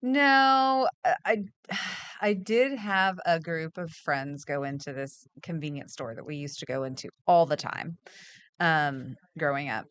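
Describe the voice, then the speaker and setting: A woman's voice: deep voice, measured pace, a bit bright, clear, resonant tone. A woman news anchor from Arkansas, chatting casually on air and telling her own story in a reflective way. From Fort Smith, Arkansas. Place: TV news studio.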